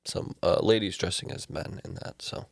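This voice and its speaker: A man's voice: sits low, moderate pace, creaky, no room sound, clean studio sound. A man competing on a trivia podcast, hesitant and joking. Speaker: quiz contestant. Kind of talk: casual game show chat.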